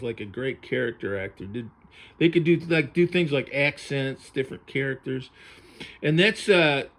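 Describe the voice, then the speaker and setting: A man reviewing a book on vintage TV in casual commentary, chatty and musing aloud as his thoughts drift. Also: medium pitch. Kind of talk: casual commentary while paging through a book.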